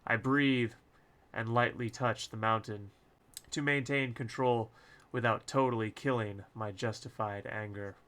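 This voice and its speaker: Slow-talking bright-voiced male author reading. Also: medium pitch, fairly even intonation. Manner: casual and crude, joking asides. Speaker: author reading his own book. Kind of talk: live-streamed audiobook reading.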